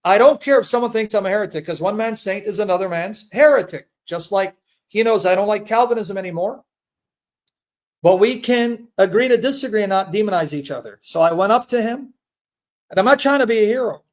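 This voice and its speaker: A man's voice: high-pitched, fairly quick. A man hosting a livestream, making an earnest, emotional personal statement to his listeners, repeating himself and calling them brethren. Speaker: Christian apologist livestream host.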